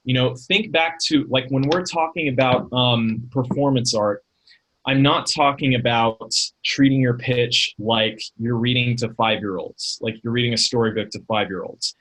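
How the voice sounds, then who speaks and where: A man presenting a webinar in a relaxed, conversational coaching way, often using fillers like "um" and "you know.". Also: mid-range voice, moderate pace, rough recording. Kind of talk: casual webinar talk.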